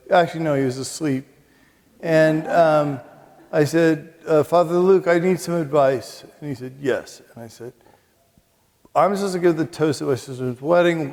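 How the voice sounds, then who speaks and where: A man who is a Catholic monk and priest speaks in a slightly high, creaky, darkish voice, with a long reverb tail. Before a live audience at a retreat, he tells humorous, self-mocking stories in a chatty way, full of asides and comic timing.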